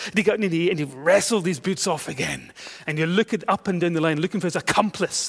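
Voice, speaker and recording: A Scottish man preaching a sermon, telling a funny story with self-mocking humour and lively exasperation. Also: high-pitched, fast, gravelly.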